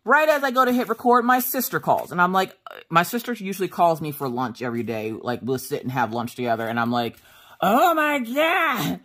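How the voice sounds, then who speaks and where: A woman's voice: deep voice, fast talker. A woman vlogging about her crafts in casual chat, telling stories with lots of laughter and acting out what people said. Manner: animated storyteller, laughs often, acts out dialogue.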